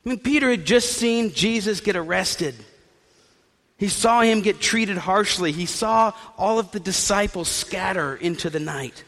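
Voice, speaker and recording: Male pastor, slightly high voice, animated storytelling sermon, recorded with long hall reverb. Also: a little slow.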